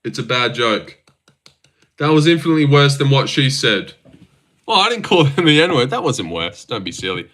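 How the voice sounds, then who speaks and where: A man's voice: mid-range voice, sing-song, moderate pace, fairly bright tone. A young man chatting casually on a stream, joking, teasing and swearing as he reacts.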